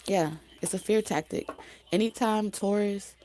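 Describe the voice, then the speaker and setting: A woman giving a casual spoken tarot reading, talking loosely with many fillers and restarts, her voice going hoarse. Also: medium pitch, unhurried, mellow, a little hiss or hum. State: losing her voice. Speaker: tarot reader.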